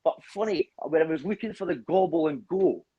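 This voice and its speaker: A Scottish man co-hosting a livestream over a phone, telling animated stories and laughing often. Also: on the high side, brisk, slightly rough, muffled recording. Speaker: livestream co-host. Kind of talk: casual chat.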